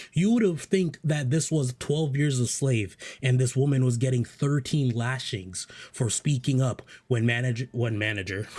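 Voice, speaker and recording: A man's voice: medium pitch, darkish tone. Man telling a rambling, profane story. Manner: profane, rambling, joking asides. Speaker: storyteller vlogger. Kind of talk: casual storytelling monologue.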